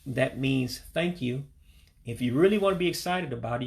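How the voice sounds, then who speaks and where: Middle-aged male teacher with a heavy gravelly rasp who drills each word slowly and patiently. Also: mid-range voice, expressive, a little mellow. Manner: slow, repeats each word for practice. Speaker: language learner teaching vocabulary. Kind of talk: casual spoken language lesson. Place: back room at home.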